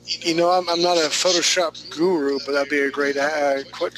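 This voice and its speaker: A man's voice: a little high, fairly even intonation, moderate pace. A man teaching a live drawing class online, critiquing student work with teasing banter. He sounds tired and yawns between remarks. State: tired, yawning. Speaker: drawing instructor. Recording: noisy live stream audio.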